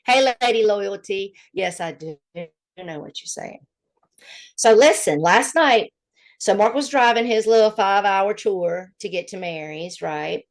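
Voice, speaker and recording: A woman from Alabama with a Southern accent, co-hosting a casual gossip chat and telling stories in a mocking, animated way. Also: mid-range voice, unhurried. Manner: animated, mocking storytelling with laughter. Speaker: co-host.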